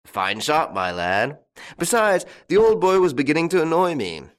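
A man voicing a gruff, bossy old male farmer with loud, blustering outbursts in an audiobook. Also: on the high side, big pitch swings, moderate pace, pitched above the performer's own voice. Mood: roaring alarm. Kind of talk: audiobook character voice.

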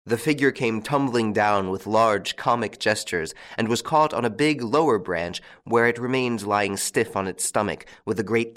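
A man narrating a classic story with a steady, measured reading. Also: lowish voice. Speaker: audiobook narrator. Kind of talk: scripted narration.

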